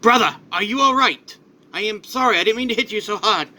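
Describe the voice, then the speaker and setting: A man's voice: high-pitched, fairly quick, pushed and bright. A man voicing an adult male warrior, an earnest and apologetic older brother.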